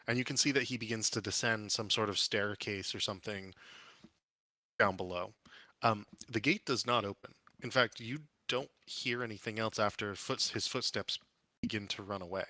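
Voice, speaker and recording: Bright-voiced man running a tabletop game. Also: on the low side, fairly even intonation, normal speed, no echo. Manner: descriptive, hesitant with fillers. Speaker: dungeon master.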